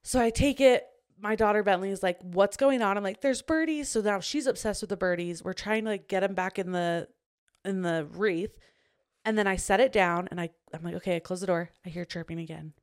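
A young pregnant woman hosting a casual podcast chat, telling stories with animated, swearing energy and acting out her own reactions. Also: mid-range voice, fairly quick. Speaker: podcast host.

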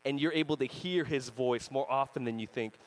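A man's voice: mid-range voice, brisk. A young adult man preaching a sermon as pastor, telling stories with energy and big swings in volume.

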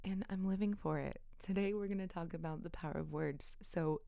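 A young woman hosting her own podcast, talking in a giggly, excitable way and swearing often. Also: fairly low pitch, brisk, gravelly, a little hiss or hum. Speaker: podcast host. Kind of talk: casual solo podcast.

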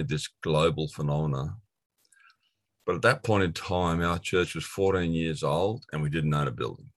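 A middle-aged Australian man with a strikingly deep, low voice recounts his own story in an earnest, rambling way, full of "um"s and false starts. The sound is dry and close, with no room around it. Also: no echo. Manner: earnest storytelling with frequent fillers and restarts. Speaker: guest. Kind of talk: personal testimony in an interview.

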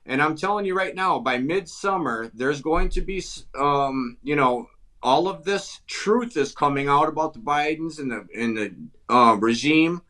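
This Wisconsin man, speaking with an Upper Midwest accent as a talk-show guest, sounds pushed and bright, with a fairly high pitch, lively intonation, and normal speed. He chats with fervor and emphasis, often repeating and restarting what he says.

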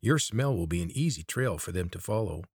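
A man's voice: low voice, animated, fairly quick, darkish tone, husky, dry recording, studio quality, full character voice. A man voicing a bossy young woman scout who speaks in an urgent, hissing way. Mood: urgent, sly.

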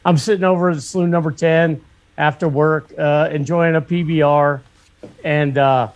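A fairly high-voiced man from Pennsylvania spins a long, rambling story in casual conversation. He swears freely and tumbles through fillers and restarts as he goes. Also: fairly even intonation, normal speed, dull audio. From northwestern Pennsylvania. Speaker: motorcycle shop owner. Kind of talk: casual storytelling in a podcast chat.

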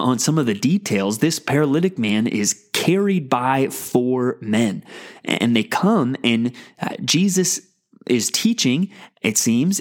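A man hosting a daily Bible devotional podcast, teaching in a conversational way and slowing down to read scripture aloud. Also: mid-range voice. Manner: conversational, with fillers and restarts, reads scripture slowly.

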